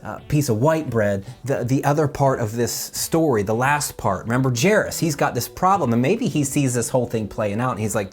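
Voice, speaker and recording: Man children's minister, animated casual storyteller, mid-range voice. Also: normal speed, soft background music. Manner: animated storytelling with swings in pitch; casual, with fillers and restarts. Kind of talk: children's Bible lesson.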